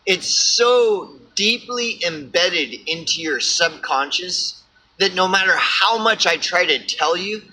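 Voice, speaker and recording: A man's voice: high voice, expressive, slow pace, sharp tone, low-quality recording. A homeless man ranting to camera, swearing often and stumbling over repeated words. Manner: profane, rambling, repeats words. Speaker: vlogger. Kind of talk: ranting monologue.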